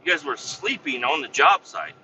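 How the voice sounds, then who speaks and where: A man's voice: fairly high pitch, wildly swooping pitch, normal speed, bright, forceful tone, dull audio, a little hiss or hum. A man, a podcast host who works as a vac truck operator, telling a story in a profane, exasperated, rambling rant. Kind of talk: casual ranting storytelling.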